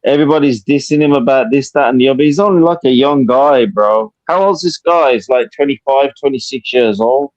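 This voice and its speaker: A UK man in his fifties with a Birmingham accent calls into a live stream for a casual chat, talking fast and animatedly, swearing freely and repeating "listen, bro." His voice is mid-range and the audio is dull.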